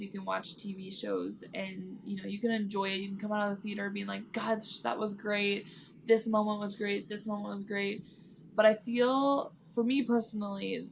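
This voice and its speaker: Chatty young woman with gravelly fry. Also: medium pitch, slight background noise. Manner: chatty, giggly, rambling with lots of likes. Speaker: book vlogger. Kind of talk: casual chat to camera.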